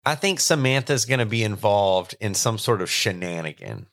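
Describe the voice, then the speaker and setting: A man's voice: fairly low pitch, lively intonation, moderate pace, a bit bright. A man co-hosting a podcast in casual chat, playful and prone to comic voices. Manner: playful, slips into comic voices for imagined guests. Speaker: podcast co-host.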